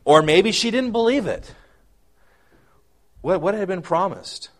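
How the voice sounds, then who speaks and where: A man preaching a sermon, earnest and halting, often repeating words as he explains scripture and reads old-style verses aloud. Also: high voice, lively intonation. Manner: reads scripture aloud in King James wording. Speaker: pastor.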